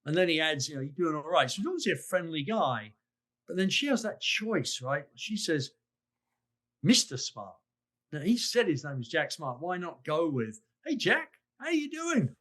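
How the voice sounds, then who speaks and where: A man with an English accent comments as a podcast guest, dissecting a recorded recruiting call. His delivery is lively, and he slips into quoted lines to act them out. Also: on the high side, brisk. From England. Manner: animated, acts out quoted lines. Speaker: sales consultant guest.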